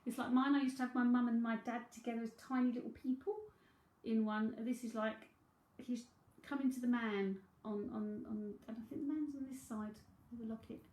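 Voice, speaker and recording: A woman's voice: fairly high pitch, steady tone, a little fast, a little mellow. A woman with a London Cockney accent giving a live psychic reading, chatty and thinking aloud with frequent laughs. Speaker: psychic medium. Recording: roomy echo.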